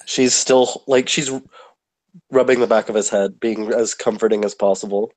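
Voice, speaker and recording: A tabletop player describing a comforting character's actions in a gentle, soothing tone. The voice sits mid-range. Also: medium pitch, steady tone, moderate pace. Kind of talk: casual in-game narration.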